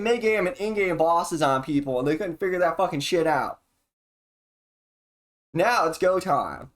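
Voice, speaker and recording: A streamer talking alone in a rambling, erratic and profane monologue, jumping from topic to topic. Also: medium pitch. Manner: erratic, profane and jumpy, with sudden laughs and exclamations.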